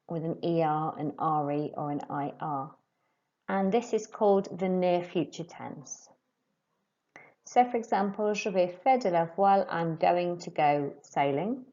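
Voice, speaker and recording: Slow, mellow-voiced woman teacher. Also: on the low side, dull audio. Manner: slow, clear modelling of phrases for pupils to repeat. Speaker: French teacher. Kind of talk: recorded remote lesson.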